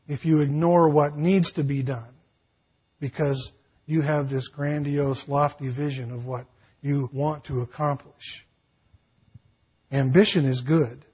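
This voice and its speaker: Slow, husky-voiced male preacher. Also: fairly high pitch, fairly even intonation, darkish tone, muffled recording. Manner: acts out dialogue between God and Paul, emphatic build-ups. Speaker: pastor. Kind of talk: sermon.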